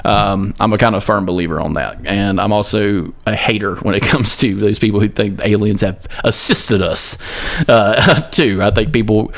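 A man hosting a podcast in casual chat, profane and animated, often laughing. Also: lowish voice, moderate pace, a little hiss or hum. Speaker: podcast host.

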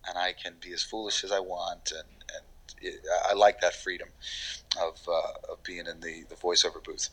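The recording is rough, carrying a man's lowish voice with a fairly bright tone. He's a voiceover actor from New York being interviewed on a podcast, wandering through his answers with lots of fillers, false starts and offhand profanity.

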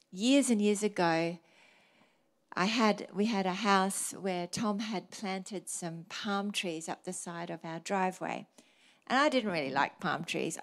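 A middle-aged woman pastor preaching a sermon, telling stories in a lively, varied way. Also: lowish voice.

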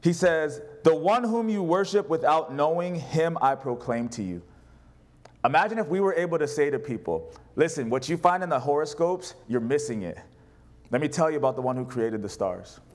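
A man's voice: on the high side, lively intonation, normal speed. A male pastor preaching a sermon, reading scripture aloud and putting questions to his congregation.

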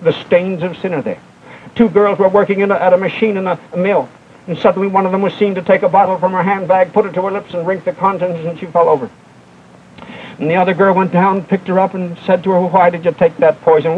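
Brief: young male evangelist, high voice, fervent and emphatic, vintage tinny broadcast. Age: young adult. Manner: fervent, emphatic, rising and falling delivery. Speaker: evangelist preacher. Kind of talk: televised sermon. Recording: tinny old broadcast recording with faint hiss.

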